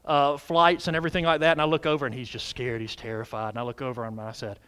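A middle-aged pastor preaches fast in a clear, resonant, mid-range voice with a level tone. He puts questions to the congregation and answers them himself, swinging between loud exclamations and quiet asides.

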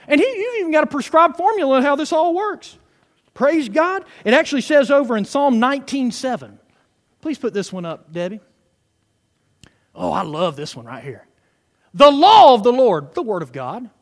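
A man preaching a fervent sermon, peppering his words with hallelujahs and praise God. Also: very high voice. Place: church sanctuary. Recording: reverberant hall.

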